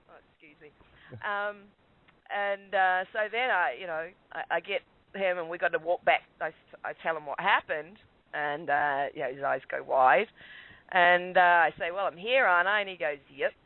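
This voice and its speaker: A man on a thin, tinny phone line tells a long personal story in a loose, rambling way, poking fun at himself and chuckling as he goes. His voice sits a bit higher than most men's and sounds completely dry, with no room around it. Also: moderate pace, no echo. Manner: rambling, self-mocking, chuckles often. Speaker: guest caller. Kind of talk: casual storytelling.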